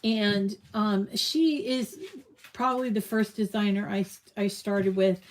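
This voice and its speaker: Middle-aged woman, crafting tutorial host; relaxed, slow delivery, rambling and conversational. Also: medium pitch. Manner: rambling, chatty, drifts off on tangents. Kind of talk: casual live crafting tutorial chat.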